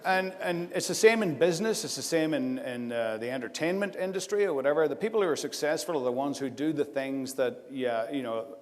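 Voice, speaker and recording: A man's voice: a little high, animated, fairly quick, hardly any pauses. A man giving an after-dinner speech, telling a rambling anecdote and breaking into laughter as he goes. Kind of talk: storytelling speech to a live audience. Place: large event hall. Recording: long hall reverb.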